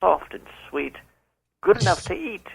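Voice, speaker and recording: A pompous, smug caller putting on grand, mock-formal airs, played by a man. His voice is gravelly and husky, and it rises and falls in lively swings. He teases the hosts with sly, suggestive remarks, like a phone-in on a comedy radio show. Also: sits high, unhurried, heavily acted, poor audio. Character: pompous prank-caller man posing as a rock singer. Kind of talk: comedic prank call on radio.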